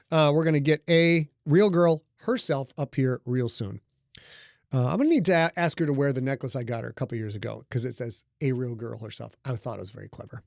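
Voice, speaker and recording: A man's voice: mid-range voice, fairly quick, gravelly, darkish tone, no room sound, clean studio sound. A middle-aged man hosting a casual livestream, talking loosely and joking with his audience. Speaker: livestream host and author. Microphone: studio microphone.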